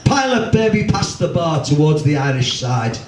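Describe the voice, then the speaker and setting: A man's voice: on the high side, sing-song, moderate pace. Liverpool man reciting comic verse. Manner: rhythmic, rhyming delivery with wry humour. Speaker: poet and performer. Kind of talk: live comic poetry recital. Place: pub function room. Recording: echoey room, distant mic, faint hum.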